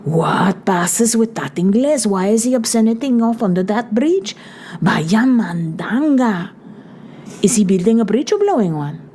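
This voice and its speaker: A woman reading the part of a fierce, coarse older guerrilla woman who rages and curses in a deep voice. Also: lively intonation, measured pace, mellow, slight background noise. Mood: raging. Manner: raging, cursing, blunt.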